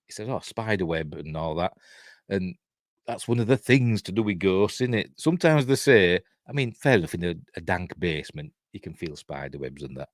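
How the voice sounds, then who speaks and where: Low-voiced Yorkshire man rambling through a film recap. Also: no room sound, studio quality. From Yorkshire, England. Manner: rambling, chuckling, acts out quoted lines. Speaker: film reviewer.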